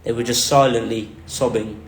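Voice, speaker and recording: A man's voice: medium pitch, fairly even intonation, moderate pace. Earnest man telling a story, roomy echo. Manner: earnest, repetitive emphatic phrasing. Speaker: vlogger recounting a near-death experience. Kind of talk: emotional personal storytelling.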